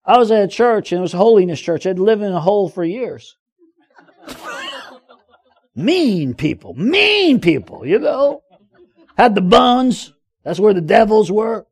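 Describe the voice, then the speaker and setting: A man's voice: high voice, moderate pace, pauses often. A man preaching a sermon, telling funny personal stories and calling out to the congregation. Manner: lively, joking, calls out to the audience. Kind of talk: sermon with humorous storytelling.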